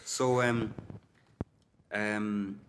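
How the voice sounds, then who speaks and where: A man's voice: lowish voice, level tone, very slow, a bit bright, a little hiss or hum. Chatty Cork Irish man. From Cork, Ireland. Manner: rambling and chatty, full of "like" and "you know". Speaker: singer-songwriter guest. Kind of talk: casual interview chat.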